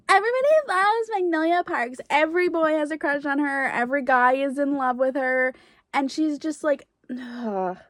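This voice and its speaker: A young woman with a high voice, dry recording, reacts to a book in a casual reading vlog. The book vlogger gushes, gets exasperated, laughs, and rants in turn.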